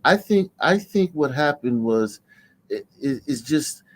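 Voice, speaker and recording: A man hosts a casual panel chat with a lively, swinging delivery. He often acts out imagined back-and-forth dialogue. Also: medium pitch, a little slow. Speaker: host.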